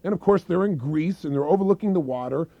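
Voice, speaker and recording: A man presenting a self-help program in an emphatic, persuasive infomercial sales pitch. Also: fast talker, gravelly, no echo. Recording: dull, dry lo-fi recording.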